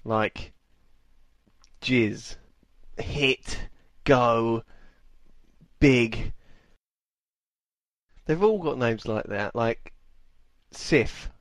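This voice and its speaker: A man's voice: medium pitch, extremely slow, long pauses, no room sound. A man co-hosting a podcast, teasing and playful in casual banter. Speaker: podcast co-host.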